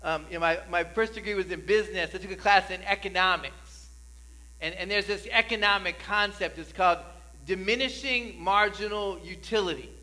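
A man's voice: high-pitched, fairly quick, sharp tone, low-quality recording. A male pastor with a New Jersey accent preaching a sermon in a church, conversational and often building to emphatic passages. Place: church sanctuary.

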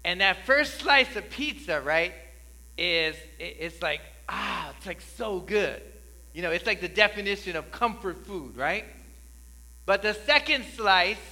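A man's voice: high-pitched, sharp tone, rough recording. A male pastor with a New Jersey accent preaching a sermon in a church, conversational and often building to emphatic passages. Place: church sanctuary.

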